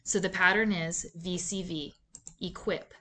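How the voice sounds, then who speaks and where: A woman giving scripted instructional narration for a reading lesson, in a clear, measured, deliberate teaching delivery. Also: lowish voice, steady tone, bright, forceful tone, slight background noise. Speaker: literacy instructor.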